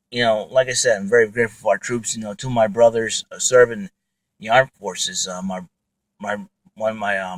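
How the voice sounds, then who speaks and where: A man with a lowish voice hosts his own podcast, delivering a casual solo monologue that rambles with many fillers and restarts. The recording is rough but has no echo.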